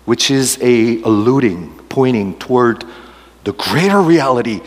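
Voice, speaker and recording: A man's voice: lowish voice, normal speed. Man preaching in an echoing hall. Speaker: pastor. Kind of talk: sermon.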